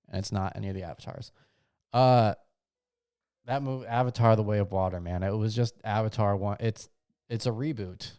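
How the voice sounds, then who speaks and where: Young man ranting casually, smooth voice. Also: lowish voice, dark tone. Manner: rambling, slangy, trails off and restarts. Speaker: podcast host. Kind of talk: casual comedic rant.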